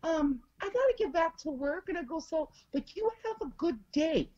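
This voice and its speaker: A woman's voice: very high voice, normal speed, muffled recording. A woman guest telling a story in casual chat, acting out each person's lines as she goes. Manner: animated, acts out dialogue in quotes.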